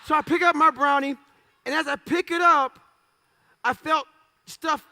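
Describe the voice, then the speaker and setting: A man's voice: extremely high pitch, fairly even intonation, unhurried, sharp tone. A middle-aged man telling a blunt, profane story on stage, acting out the dialogue himself. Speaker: motivational speaker. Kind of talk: storytelling speech.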